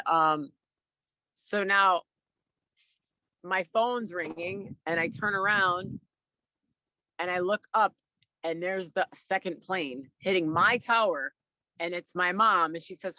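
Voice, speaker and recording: Bright-voiced man telling a story. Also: fairly high pitch, dry recording, poor audio. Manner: animated, acts out quotes, many fillers. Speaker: guest speaker. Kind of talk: personal storytelling to a remote audience. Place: outdoors by the water. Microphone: video call.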